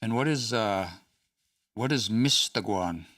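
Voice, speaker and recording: A man's voice: on the low side, expressive, slow pace, a bit bright, dry recording, clean studio sound, recorded from a distance. A man hosting a casual study session, thinking aloud with hesitant restarts and small chuckles. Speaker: host studying a language.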